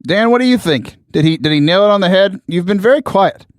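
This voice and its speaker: A man's voice: high voice, expressive, brisk, dry recording, clean studio sound. A man hosting a casual podcast interview, friendly and joking with his guests. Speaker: podcast host.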